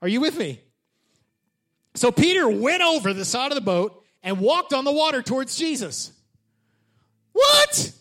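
Animated male preacher, high lively voice. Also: moderate pace. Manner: animated, conversational preaching with asides to the congregation. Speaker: pastor. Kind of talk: sermon.

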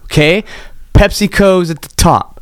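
A man co-hosting a casual podcast chat, excitable and profane, quick to riff. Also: sits high, no room sound, studio quality. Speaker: podcast co-host.

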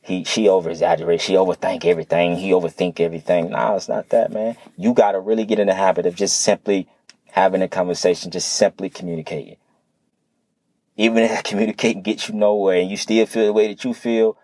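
A man's voice: fairly low pitch, fairly even intonation, a little fast, warm tone, no room sound. A young man speaking earnestly and casually to listeners about communication, repeating his points in plain conversational slang. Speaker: motivational speaker. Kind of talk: unscripted motivational monologue.

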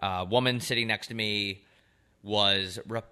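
Profane, bright-voiced young man telling stories. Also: fairly low pitch, unhurried, clean tone. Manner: rambling, profane, animated storytelling. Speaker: podcast co-host. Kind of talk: casual storytelling chat.

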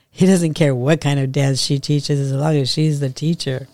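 A woman podcast host reading her own short story aloud in a calm, measured way. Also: low-pitched, dry recording.

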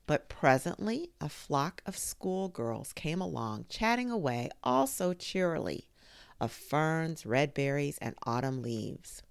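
Slow, gravelly storybook reader woman. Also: sits low, dry recording. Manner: gentle, expressive reading with lively voiced quotes. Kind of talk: storybook read-aloud.

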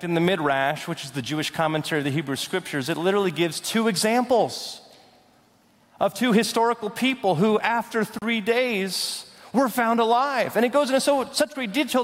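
A young adult man preaching a sermon, swinging from loud, rising declarations to hushed, slow intensity. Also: sits high. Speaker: pastor. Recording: long hall reverb.

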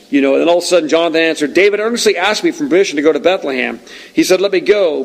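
A man's voice: a little high, poor audio. A male pastor preaching a conversational, emphatic sermon with frequent asides to the congregation.

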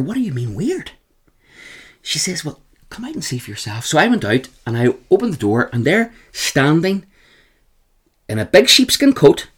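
A man with a Northern Irish accent, a guest telling emphatic, animated stories in an interview. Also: medium pitch. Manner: animated, emphatic, repeats the host's name. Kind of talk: storytelling in an interview.

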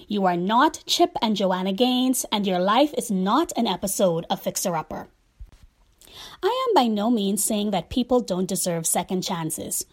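A woman in her forties giving a candid, wry, faith-tinged spoken essay about relationships. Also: medium pitch.

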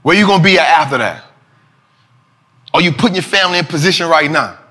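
Animated high-voiced man talking markets. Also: fast talker. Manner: animated, preachy, slangy, repeats lines for emphasis. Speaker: finance show host. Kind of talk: casual market commentary.

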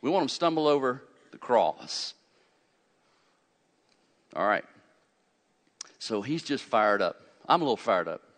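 A man preaching a fiery sermon, swinging from loud urgent peaks to quiet low asides and asking his congregation questions. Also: sing-song, measured pace, long pauses. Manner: asks the congregation questions and answers them. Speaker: pastor. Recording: long hall reverb.

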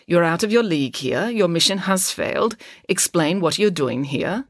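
A woman's voice: on the low side, lively intonation, moderate pace, no echo, studio quality. A woman voicing a cold, commanding female spy who speaks in a clipped, threatening way in a storybook reading. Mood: menacing.

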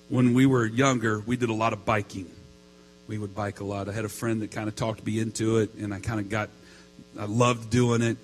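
A man's voice: medium pitch, rough recording. A middle-aged man preaching a sermon, telling a personal story in a casual way with many fillers. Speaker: pastor. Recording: mains hum.

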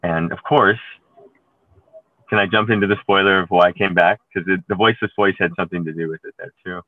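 A man, an actor, talking in an interview, telling stories with many halting restarts and trailing phrases. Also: low voice, steady tone, dry recording. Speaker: actor guest. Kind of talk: conversational interview. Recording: tinny phone-like line, dry.

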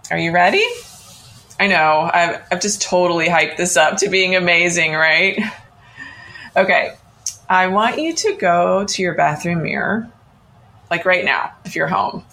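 A middle-aged woman hosting a podcast, gently and encouragingly guiding listeners through a self-love exercise. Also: on the low side, measured pace, pauses often. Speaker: podcast host.

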